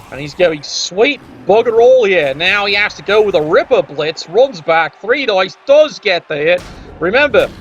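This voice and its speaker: A man's voice: high-pitched, a little hiss or hum. A man doing wry, sarcastic play-by-play commentary on a tabletop sports video game. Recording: dull lo-fi audio.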